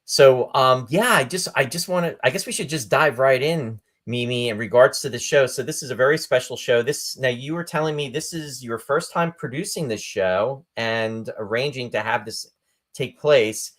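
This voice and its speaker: A man's voice: medium pitch, moderate pace, fairly bright tone. A male host chatting on a live video stream, upbeat and talkative, greeting viewers by name. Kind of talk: casual live-stream chat.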